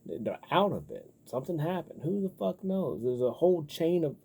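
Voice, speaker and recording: A man with a very dark, mellow and husky voice rambles through a casual vlog monologue. He swears freely and leans on filler words, getting animated when riled up. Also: a little high, normal speed. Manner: profane, loose and rambling, heavy on filler words. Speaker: vlogger.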